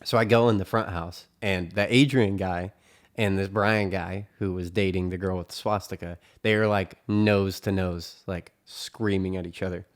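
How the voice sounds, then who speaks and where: Lower-voiced man rambling through a story. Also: steady tone, moderate pace. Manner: profane, rambling, full of fillers. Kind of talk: casual storytelling.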